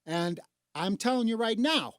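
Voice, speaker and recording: A woman from Chicago hosting talk radio, delivering a sarcastic, indignant rant that swings between low mutters and loud outbursts. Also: expressive, a little slow, no echo, clean studio sound. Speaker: radio talk show host.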